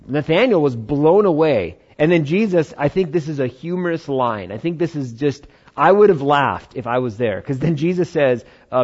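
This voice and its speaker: A man's voice: on the high side, animated, normal speed, hardly any pauses, a little mellow, husky, highs cut off. A man preaching a conversational sermon, acting out Bible dialogue in changing voices. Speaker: pastor.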